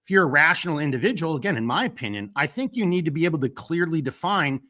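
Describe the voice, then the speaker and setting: A man hosting a live stream, chatting casually and rambling through fillers while reading out viewer shout-outs. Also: a little high, lively intonation, fast talker. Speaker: host of a live stream talk show.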